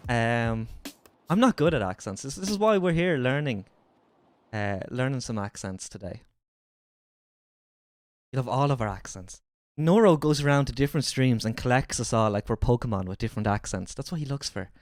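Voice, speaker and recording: A streamer talks on a livestream in a rambling, jokey, often crude way. The voice bounces lively up and down, and it sounds dry and close. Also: medium pitch, normal speed, no echo. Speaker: livestream host. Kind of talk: casual streaming chat.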